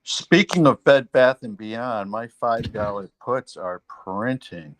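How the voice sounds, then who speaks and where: A man in a casual voice chat, asking others a question in a relaxed way. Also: mid-range voice, slow pace. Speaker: chat participant.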